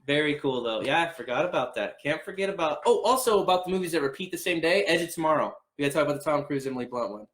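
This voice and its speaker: A man's voice: fairly high pitch, expressive, rapid-fire, few pauses, fairly bright tone. Man, casual co-host, jokey rambling talk, echoey room. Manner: joking, rambling, quotes movie lines. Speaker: podcast co-host. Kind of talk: casual chat.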